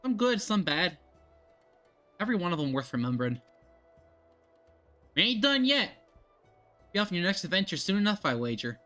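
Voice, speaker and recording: A streamer doing a gruff old tavern keeper. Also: medium pitch, very animated, moderate pace, long pauses, bright, forceful tone, soft background music. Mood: hearty. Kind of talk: reading game dialogue aloud.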